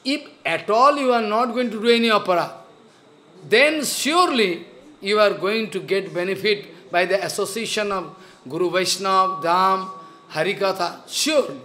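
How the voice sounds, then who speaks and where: A man giving a spiritual sermon, slow and earnest, repeating his phrases. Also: high-pitched, sharp tone. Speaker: spiritual teacher.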